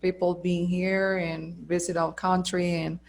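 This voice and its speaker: A woman's voice: lowish voice, flat delivery, unhurried, gravelly. A friendly woman from Colombia, a native Spanish speaker, chatting in English with a Colombian accent. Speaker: English teacher, guest. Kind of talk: casual conversation.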